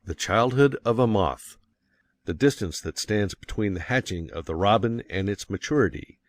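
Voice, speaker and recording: A man reading an audiobook aloud in a measured, deliberate way, stressing key words. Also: lowish voice, no echo. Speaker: audiobook reader. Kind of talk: scripted audiobook narration.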